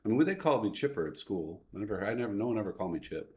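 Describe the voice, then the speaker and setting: A man's voice: on the low side, lively intonation, very fast, dark tone. A middle-aged man co-hosting a livestream, telling stories in a wry, casual way. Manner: storytelling, wry. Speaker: livestream co-host. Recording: slightly dull livestream audio.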